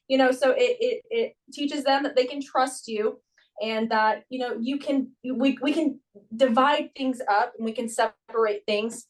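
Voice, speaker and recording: A young adult woman, a gymnastics coach, talking in a casual conversation and acting out her stories with lively voices. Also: fairly high pitch, unhurried, recorded from a distance, poor audio. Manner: animated storyteller who acts out her own and children's voices. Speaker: gymnastics coach and podcast guest.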